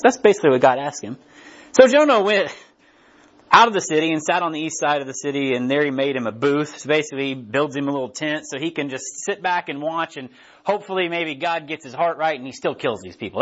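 A man gives a conversational sermon and often checks in with his listeners. His voice sits high for a man. The recording is dull and lo-fi. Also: fairly bright tone. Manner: casual, keeps asking "right?". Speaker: preacher. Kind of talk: conversational Bible teaching.

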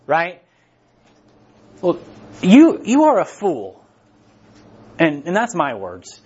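A man's voice: high-pitched, sing-song, a little slow, slightly rough, lo-fi sound. A man, a pastor giving a sermon in a conversational way, often restarting his sentences. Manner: conversational preaching with frequent restarts.

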